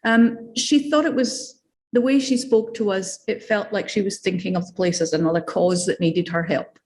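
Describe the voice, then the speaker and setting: A woman's voice: medium pitch, steady tone, moderate pace, darkish tone. A woman with a Scottish accent giving an academic seminar talk in a conversational way, with fillers and asides. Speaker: academic lecturer.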